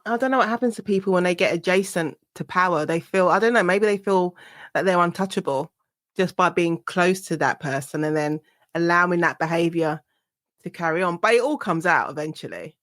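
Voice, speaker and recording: A woman's voice: fairly low pitch, brisk, dry recording, studio quality. A woman hosting a podcast, chatting casually and telling stories with frequent laughter. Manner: animated, laughs often while telling anecdotes. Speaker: podcast host. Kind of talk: casual interview chat.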